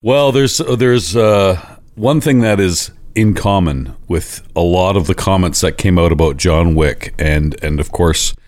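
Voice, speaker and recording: A Canadian man co-hosting a podcast in casual chat, animated and swearing as he rants. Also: low-pitched, a little slow. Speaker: podcast co-host.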